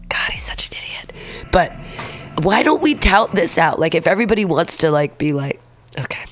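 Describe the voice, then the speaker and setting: A woman's voice: deep voice, creaky. A woman in her forties hosting a radio show alone, rambling and swearing, emotional as she talks. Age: 40s. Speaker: radio host. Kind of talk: casual solo radio talk.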